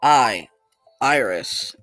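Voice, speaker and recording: A man's voice: medium pitch, lively intonation, drawn-out words, pushed and bright, soft background music. A man with the hiccups casually commenting as he tries out web experiments, reading on-screen text aloud and apologizing now and then. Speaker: YouTuber trying web experiments.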